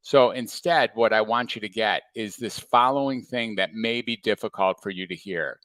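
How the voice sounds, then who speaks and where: A man coaching viewers in a livestream talk, calm and reflective, asking many rhetorical questions. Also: lowish voice, normal speed, no room sound. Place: home or office, livestream.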